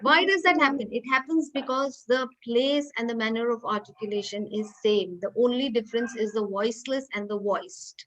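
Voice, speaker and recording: A woman's voice: fairly high pitch, normal speed, few pauses, a bit bright, low-quality recording. A woman with an Indian English accent lecturing an online class, patient and repeating key points step by step.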